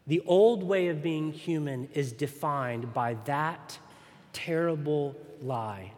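A man's voice: fairly high pitch, takes it slowly, a little mellow. A man preaching a sermon as pastor, earnest and emphatic. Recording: long reverb in a large hall.

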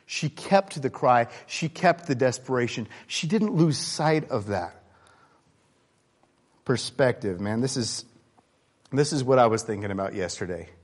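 A man preaching a sermon in a conversational, candid way, swinging between loud emphasis and quiet asides. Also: mid-range voice, lively intonation, a little slow. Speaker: pastor.

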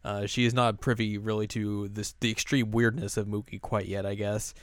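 A man casually recapping an anime episode, acting out the characters' lines in livelier, higher voices. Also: moderate pace, clear, resonant tone, no echo, clean studio sound. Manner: animated retelling, acts out characters' lines in raised voices. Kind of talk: casual chat.

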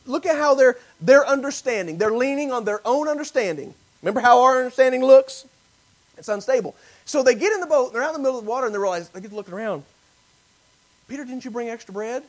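Animated man preaching with lively pitch. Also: quick pace, low-quality recording. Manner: animated preaching, acting out biblical voices, rising and dropping to near whispers. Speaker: pastor. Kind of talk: sermon.

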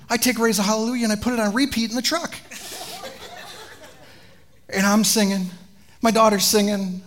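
A man, a pastor, preaching a sermon with animated storytelling and chatty asides to the congregation. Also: a little high.

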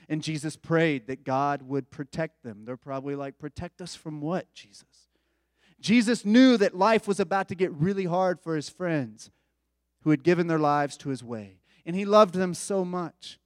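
Male preacher, slightly high voice, relaxed conversational sermon, dry close recording. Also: no echo, long reverb tail. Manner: conversational, informal asides. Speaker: pastor.

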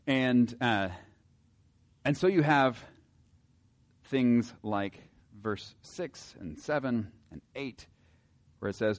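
A man with a medium-pitched voice gives a casual, wry Bible teaching to a group. He often pauses on filler words and reads passages aloud.

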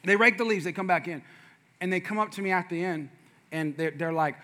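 A man's voice: sits high, fairly quick, pushed and bright. A middle-aged male pastor telling a funny family story in a playful, conversational sermon, calling out to the congregation.

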